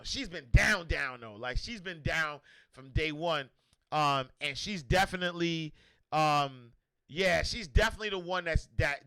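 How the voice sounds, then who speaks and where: A Harlem man with a New York accent hosts a casual livestream, talking in an animated, slangy, repetitive way. His voice sits on the high side, and there's no echo.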